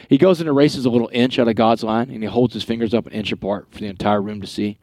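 A middle-aged man from Texas, a guest telling his life story in an earnest, animated way with quoted dialogue. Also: mid-range voice, fast, hardly any pauses, dry recording. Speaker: guest speaker. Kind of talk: storytelling interview.

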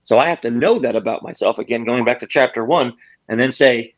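A man's voice: medium pitch, a little fast. A man speaks as an interview guest, laying out his ideas through everyday stories and short acted-out quotes. His voice sits in a middle register. The recording sounds a little dull. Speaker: guest author. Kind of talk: conversational interview.

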